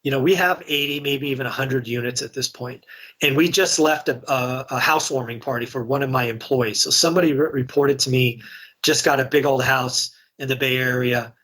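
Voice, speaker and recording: Middle-aged man, slightly breathy voice, frank and chatty interview guest. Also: mid-range voice, fairly even intonation, brisk, sharp tone. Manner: candid, conversational, many restarts. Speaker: real estate investor and guest. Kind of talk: casual podcast interview storytelling.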